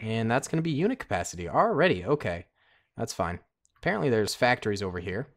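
A man giving casual, excitable, slangy commentary while playing a strategy game, talking to himself and his viewers. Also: lowish voice, fast, a little hiss or hum. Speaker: gaming commentator. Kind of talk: casual let's-play commentary.

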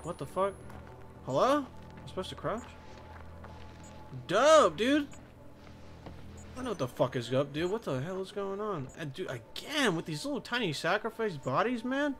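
A man doing let's play commentary, excitable and profane, talking to himself as he plays. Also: sits high, fairly quick, soft background music. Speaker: gaming commentator.

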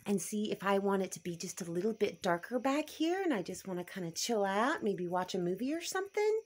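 A woman's voice: mid-range voice, big pitch swings, fairly quick, hardly any pauses. A woman chatting casually to the camera in a homestead vlog, rambling and thinking aloud as she goes. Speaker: homestead vlogger. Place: small home at night, later outdoors in the yard.

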